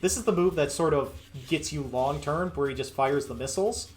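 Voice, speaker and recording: Man, casual game commentary, slightly high voice, faint game music behind. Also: a little fast. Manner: chatty, reads game lines in playful voices. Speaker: let's play commentator.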